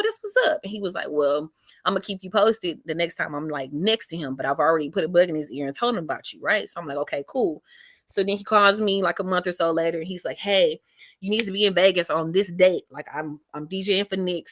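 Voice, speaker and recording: A woman comedian telling stories in a casual interview, slangy and animated, acting out quotes with a lifted voice. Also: fairly low pitch, no echo. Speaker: comedian guest.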